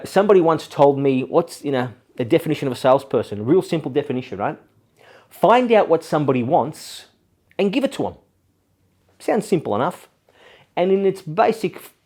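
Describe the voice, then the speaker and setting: Persuasive man, "okay?" habit. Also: fairly high pitch. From Australia. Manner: energetic, persuasive, repeats "okay?". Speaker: host. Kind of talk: talking-head business advice.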